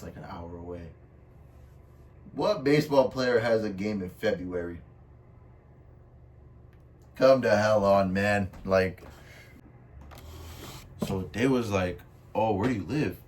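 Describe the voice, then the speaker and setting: A man's voice: low-pitched, darkish tone. A young man, casually telling a storytime, full of slang and "I was like.". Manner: slangy, says "bro" and "I was like" a lot. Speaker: storytime vlogger. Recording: somewhat distant mic with faint room noise.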